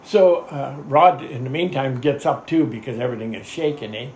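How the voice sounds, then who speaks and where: An older man recalls old times in a rambling, chuckling way, with a rough, gravelly edge to his voice. He sounds as if he was recorded in an echoey room. A faint ambient noise sits behind him. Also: mid-range voice, fairly quick, darkish tone. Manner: rambling, chuckling storyteller who often says "anyhow". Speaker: interviewee. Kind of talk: oral history storytelling.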